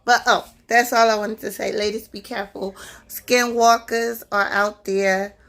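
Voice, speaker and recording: A woman from New Jersey telling a scary story in a casual vlog, excitable, swearing freely and saying "like" and "right?" a lot. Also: medium pitch, unhurried, gravelly. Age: adult with a son. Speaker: vlogger.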